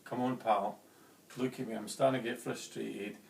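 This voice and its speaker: A man's voice: medium pitch, steady tone, moderate pace, gravelly, background noise, pitched below the performer's own voice, lightly acted. A man voicing a heartbroken, lonely customer in a joke, talking in a broad, chatty way; a roomy, distant home video. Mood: pleading.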